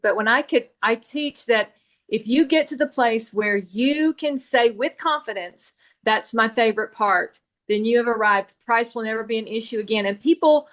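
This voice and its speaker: A woman's voice: on the high side, a bit bright. A woman who leads a sales team, sharing her experience in a group call in a reflective, storytelling way with frequent fillers. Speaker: direct sales team leader.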